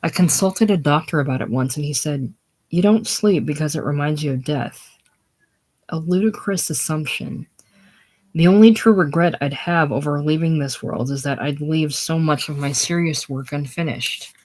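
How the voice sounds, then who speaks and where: In a casual play reading, a reader takes on the role of a sickly, lonely older man who is grandiose and self-pitying. The delivery is theatrical and brooding, at a normal speed and medium pitch. The voice sounds natural and a little mellow.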